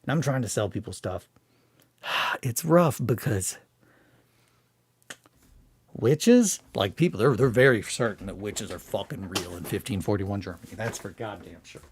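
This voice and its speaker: A man's voice: fairly low pitch, a little slow, long pauses, slightly rough. A man hosting a hobby stream, talking in a casual, rambling way, restarting sentences and swearing freely.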